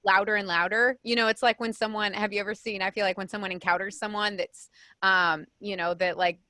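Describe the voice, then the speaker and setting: A woman speaking as an interview guest, an author and company head, talking in an animated, energetic way with quick bursts and laughs. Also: mid-range voice, no room sound, studio quality. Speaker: podcast guest, author and CEO. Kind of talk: conversational interview.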